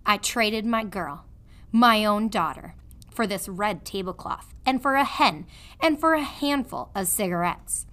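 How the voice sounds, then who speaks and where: A woman voicing a guilty, weepy middle-aged prisoner in a storybook read-aloud, pleading and plaintive with rough grammar. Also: mid-range voice, animated, a little slow, pushed and bright. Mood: remorseful.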